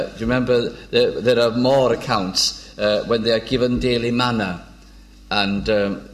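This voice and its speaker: A man preaching an informal sermon. He is unhurried, pauses often and restarts his phrases, and reads old biblical verses in a measured tone. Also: on the low side. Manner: unhurried, with frequent hesitations and restarts.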